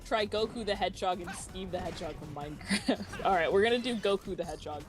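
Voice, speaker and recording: A woman's voice: mid-range voice, fast, faint music behind. A woman co-hosting a livestream, reading chat aloud in a casual, giggly way and laughing often. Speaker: stream co-host reading chat.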